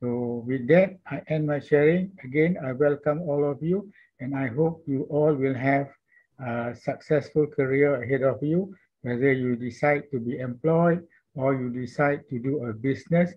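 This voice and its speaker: Brief: male chairperson, husky voice, dull online sound, formal wishes. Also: mid-range voice, normal speed. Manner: well-wishing, formal. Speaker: chair of the event. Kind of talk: closing remarks of a speech.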